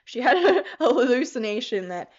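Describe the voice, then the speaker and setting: On a muffled recording, a young livestream host speaks at a moderate pace in a high-leaning, sing-song voice. She works on a craft as she giggles a lot, swears without restraint and reads out what viewers comment.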